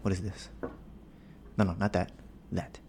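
A young man hosts a casual podcast from home during a storm, using a podcast mic and headphones. His voice is low and darkish with little pitch movement, and he speaks unhurriedly, hopping between subjects and kidding about his own smooth voice, with faint hiss behind him.

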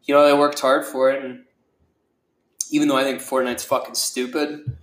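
A young man talks through a casual solo podcast in a loose, rambling way. He swears often and leans on fillers as he talks. His voice has a mid pitch and echoes off the room around him. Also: level tone, moderate pace. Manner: rambling, profane, with many fillers. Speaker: podcast host.

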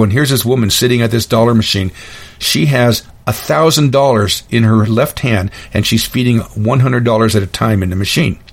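A man's voice: fairly low pitch, vocal fry. A man hosting his own podcast, telling stories in a blunt, opinionated, folksy monologue. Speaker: podcast host. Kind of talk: casual monologue.

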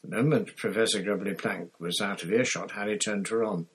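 A man narrating a story in a measured storytelling manner, voicing each character. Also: lowish voice, a bit bright, husky, poor audio. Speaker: audiobook narrator. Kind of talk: scripted narration.

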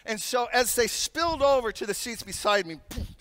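A pastor preaching a sermon, telling stories with humor and laughter. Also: male voice, very high voice, lively intonation, normal speed, a bit bright, big-room sound.

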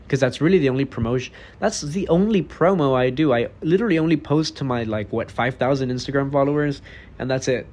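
A man's voice: medium pitch, darkish tone, slight background noise. Rambling, foul-mouthed young man from Texas. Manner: rambling, profane, blunt. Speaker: podcast host. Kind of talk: casual solo podcast monologue.

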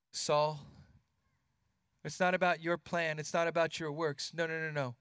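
A man delivers a sermon in a high, earnest voice, often circling back over words as he builds each point. He sinks his voice low and quiet to stress key lines. The sound is dry and close, with no room ring. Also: clear, resonant tone, no room sound. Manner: earnest, repeats words while building points, drops voice for emphasis. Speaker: preacher.

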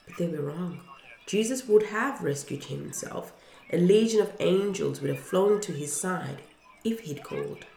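A woman reads a children's storybook aloud with an earnest, heartfelt delivery. Her voice is low and gravelly and she takes her time, in a room with a clear echo. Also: lively intonation, measured pace, dark tone, a little hiss or hum. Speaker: parent reading to listeners. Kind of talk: storybook reading. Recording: roomy echo.

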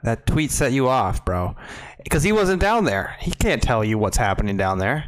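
A man's voice: mid-range voice, very animated, moderate pace. A man in casual chat, asking probing follow-up questions.

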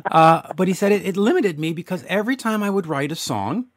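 A man hosting an interview, talking in an enthusiastic, rambling way and telling stories with animated asides. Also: high-pitched, brisk. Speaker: radio interviewer host. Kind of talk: casual interview chat.

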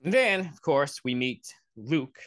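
A man hosts a comedic review podcast. He rambles, sighs and swears, and his voice swings widely in pitch as he mocks the film. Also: very animated, slow pace, a bit bright. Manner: exasperated, rambling, sarcastic, swears often. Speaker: podcast host. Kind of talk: comedic movie review rant.

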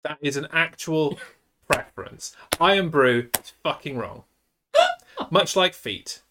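A man's voice: fairly high pitch, very animated, takes it slowly, bright, forceful tone, slight background noise. A man, co-hosting a livestream in casual, crude, joking banter. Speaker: stream co-host. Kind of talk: casual chat.

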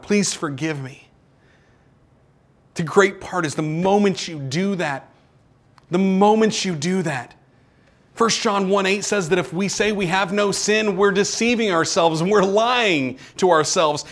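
A fervent male preacher, fairly high voice. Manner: preaching with rising intensity and repeated rhetorical questions. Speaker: pastor. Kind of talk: sermon.

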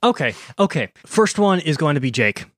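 A playful man co-hosts a podcast, hesitant and full of fillers, and he drops the final g sounds off his words. His pitch moves around a lot, and the sound is dry and close. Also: very animated, normal speed, fairly bright tone, no echo. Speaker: podcast co-host. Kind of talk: casual chat.

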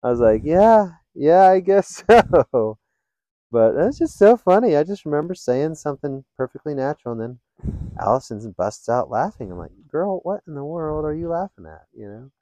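A man hosting a podcast, telling funny stories in a casual, animated way and laughing often. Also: fairly high pitch, moderate pace, no echo, rough recording. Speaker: podcast host. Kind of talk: casual storytelling chat.

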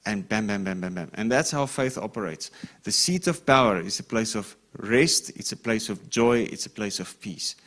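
A man's voice: lowish voice, expressive, normal speed, fairly bright tone. A man preaching a sermon in a conversational way, reading scripture aloud and often checking in with the listeners. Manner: reads scripture with rising emphasis. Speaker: pastor.

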